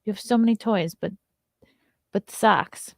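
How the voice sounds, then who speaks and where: A woman's voice: mid-range voice, a little slow, vocal fry, dry recording, clean studio sound. A young adult woman hosting a casual morning talk show, reading news items aloud and breaking in with blunt, swearing asides. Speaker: podcast host.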